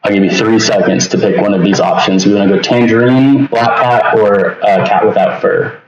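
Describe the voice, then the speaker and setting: A man's voice: fairly low pitch, fairly even intonation, moderate pace, crowd noise. A man leading an online workshop as instructor, talking through a walkthrough with lots of fillers and restarts. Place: home setup on a video call. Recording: distant echoey lo-fi recording with noise.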